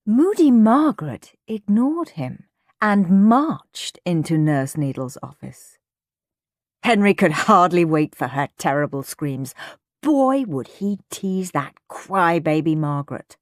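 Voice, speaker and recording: Slow, lively woman storyteller. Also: on the low side, dry recording, studio quality. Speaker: audiobook narrator. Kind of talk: storybook narration.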